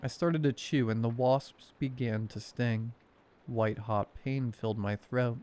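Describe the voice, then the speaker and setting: Male horror narrator, sardonic, mid-pitched, smooth resonant voice. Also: fairly even intonation, a little slow, darkish tone. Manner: wry, sardonic storytelling. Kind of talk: horror story narration for sleep.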